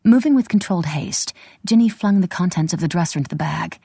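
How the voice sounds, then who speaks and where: A woman reading a historical novel aloud as an audiobook narrator, steady and measured. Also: lowish voice, gravelly, breathy edge, dry recording.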